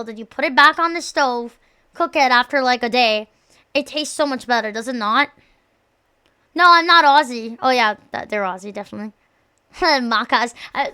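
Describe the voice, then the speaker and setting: A woman streamer with a high, sharp voice chats loosely with her audience. She rambles and swears a lot, and she jumps between loud outbursts and muttered asides. Her tone stays crisp and clear throughout. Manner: profane, rambling, playfully insulting; excitable, quick shifts between loud outbursts and mumbles. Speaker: live streamer. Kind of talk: casual live-stream chat.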